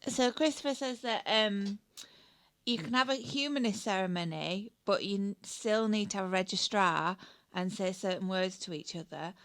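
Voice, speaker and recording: Relaxed woman reading viewer comments. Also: mid-range voice, moderate pace. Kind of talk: casual live-stream chat.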